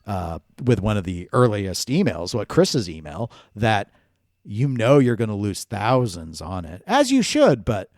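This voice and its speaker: A man's voice: on the low side, very animated, measured pace, darkish tone, no room sound, studio quality. Opinionated male podcast co-host. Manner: opinionated, analytical, thinks aloud with restarts. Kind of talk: casual podcast chat.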